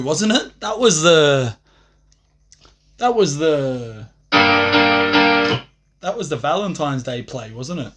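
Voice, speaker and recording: A man's voice: on the high side, a bit bright. A young man rambling profanely on a livestream, swaggering and laughing at his own jokes.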